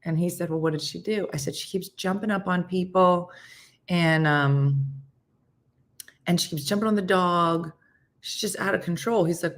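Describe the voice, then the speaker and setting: Woman host, low voice, casual storyteller who acts out the quotes. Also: normal speed. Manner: rambling, animated storytelling with acted-out quotes. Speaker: morning show host.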